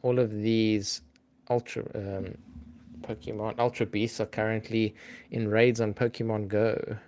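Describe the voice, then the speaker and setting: A man's voice: lowish voice, little pitch movement, unhurried, darkish tone. A man hosting a live-stream trivia game in a casual, chatty way, thinking aloud and greeting viewers by name.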